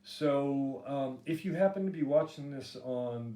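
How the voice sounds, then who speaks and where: A man's voice: mid-range voice, a little slow, hardly any pauses, warm tone. Rambling, sarcastic middle-aged man podcasting. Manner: rambling, sarcastic, swears freely. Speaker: podcast host. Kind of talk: solo podcast monologue. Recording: echoey room with faint ambient noise.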